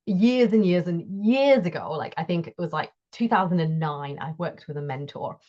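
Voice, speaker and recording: A woman's voice: lowish voice, normal speed, darkish tone, muffled recording. A woman, hosting a solo coaching talk, speaking emphatically and constantly checking in with her listener. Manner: emphatic, keeps checking in with "right?". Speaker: business coach and host.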